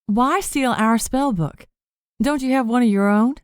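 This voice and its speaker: An earnest young witch who keeps pressing with pointed questions, voiced by a woman narrating an audiobook. Her voice is raised in pitch. The sound is close and dry. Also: a little slow, smooth, no room sound, lightly acted. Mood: challenging. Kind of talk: audiobook character reading.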